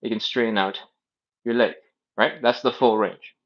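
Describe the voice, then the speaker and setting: Over a muffled recording, a man with a lowish, fairly even voice teaches stretching live, speaking at normal speed. His casual coaching keeps wandering into tangents.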